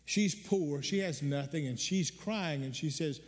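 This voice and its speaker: Preacher guy telling a story in church, earnest, slows way down on the sad parts, long echo. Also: on the high side. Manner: earnest, slows down for emotional moments. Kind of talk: sermon storytelling.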